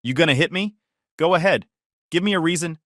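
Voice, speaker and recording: A man's voice: medium pitch, very animated, normal speed, pushed and bright, dry recording. A man voicing a smug, aggressive younger brother in a dry, close recording.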